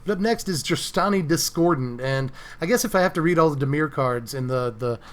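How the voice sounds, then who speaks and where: Chatty man reviewing cards, a touch higher voice. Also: brisk, fairly bright tone. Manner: chatty, with frequent ums and little laughs. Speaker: host. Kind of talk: casual card review commentary. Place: recording booth.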